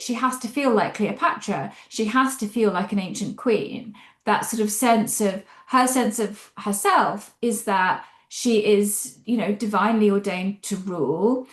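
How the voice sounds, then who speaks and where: Animated woman novelist in a roomy echo. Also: a little high. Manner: animated, expressive, thinks aloud with hedges. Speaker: novelist discussing her book. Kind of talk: interview answers.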